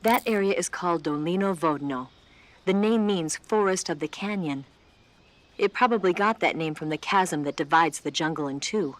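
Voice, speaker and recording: An actress playing a cool, composed female spy who briefs a soldier over the radio in calm, measured video game dialogue. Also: on the low side, lightly acted.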